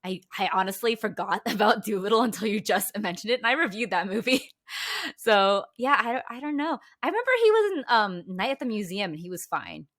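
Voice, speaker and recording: A woman's voice: medium pitch, lively intonation, fairly quick, a bit bright. A woman on a film podcast panel, speaking in a thoughtful, hesitant way with small laughs in casual chat.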